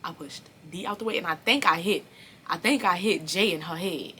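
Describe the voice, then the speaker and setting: A young woman telling a storytime vlog, animated and profane, speaking straight to her viewers. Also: fairly low pitch, moderate pace, slight background noise. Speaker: vlogger.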